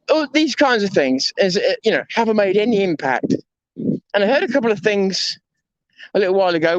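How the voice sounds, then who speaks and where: A man's voice: on the high side, dry recording. A man talking candidly in a rambling, reflective personal monologue, self-deprecating and often restarting his sentences. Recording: dull lo-fi dry sound.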